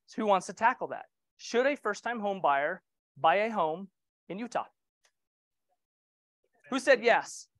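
A man's voice: sits high, animated, unhurried, pauses often, a bit bright, no echo. A middle-aged man leading a real estate training session, casual and joking, asking the group questions.

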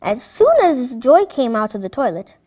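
A woman narrates a children's story aloud. She reads clearly and expressively, with a higher pitch that rises and falls a lot. Her pace suits young listeners. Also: very animated, moderate pace, darkish tone.

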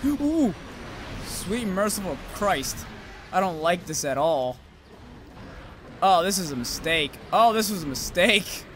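A young man commentating his own gameplay, rambling to himself and cursing loudly at the monsters. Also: high voice, sing-song, takes it slowly, pauses often, noisy background. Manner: profane, rambling, yells at monsters.

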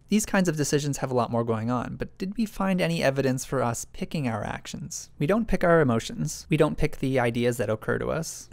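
Male essay narrator, self-questioning and musing, gravelly voice, dry close recording. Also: medium pitch, no room sound. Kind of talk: reflective scripted narration.

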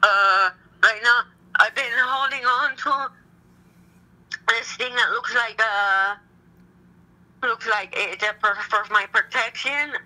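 A woman's voice: on the high side, takes it slowly, pauses often, bright, forceful tone. A young woman on a recorded phone call, anxious and rambling, repeating herself and swearing casually. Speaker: caller.

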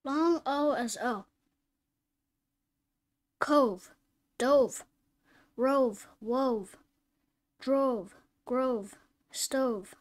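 A woman teaching a phonics reading lesson, reading word lists and simple sentences one at a time, sometimes correcting herself. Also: high-pitched. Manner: reads each word slowly and distinctly, self-corrects.

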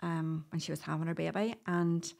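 Chatty Northern Irish woman, gravelly voice. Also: sits low, fairly even intonation, normal speed, darkish tone. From Northern Ireland. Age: middle-aged. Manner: chatty, storytelling, laughs often. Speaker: guest doula. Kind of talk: casual podcast interview.

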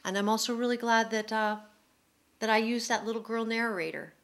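A middle-aged woman, an author, telling an emotional personal story at a public talk in a candid, quick-flowing way. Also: a little high, steady tone. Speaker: author speaking at a public forum.

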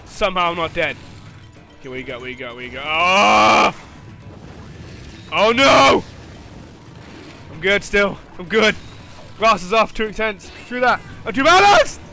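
A young man giving live gameplay commentary, swinging from loud swearing outbursts to low muttering as he plays. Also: brisk, faint music behind. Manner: swears and yelps at the game. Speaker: gaming commentator.

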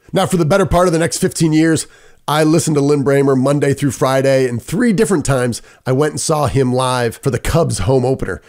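A middle-aged man, hosting a podcast and telling a personal story with lively quoted dialogue. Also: mid-range voice. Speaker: podcast host. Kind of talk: storytelling monologue.

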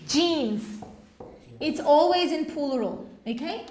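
A woman teaching an English class, speaking slowly, asking questions and repeating each word for her students. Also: sits high, expressive, darkish tone. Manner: slow, patient, asks questions and repeats words. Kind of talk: classroom language lesson. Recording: echoey room with faint noise.

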